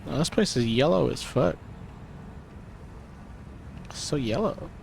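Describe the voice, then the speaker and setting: Gravelly-voiced guy streaming a game, slow and chatty, swears a lot. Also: mid-range voice, lively intonation, darkish tone, a little hiss or hum. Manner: thinks aloud, loose and profane. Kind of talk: live gameplay commentary.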